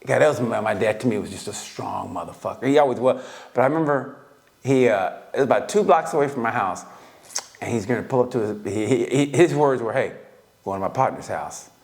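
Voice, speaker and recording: A man's voice: medium pitch, fast, gravelly. A man on a podcast telling stories casually, swearing and laughing often. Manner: relaxed storytelling, profane, laughs often. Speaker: podcast co-host. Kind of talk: casual chat.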